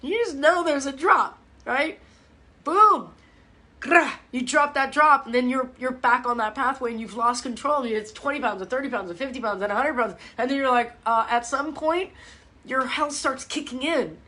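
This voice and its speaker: A woman's voice: high-pitched, moderate pace. A middle-aged woman fitness coach chatting casually to viewers on a live stream from her phone. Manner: chatty, animated, talks straight to viewers.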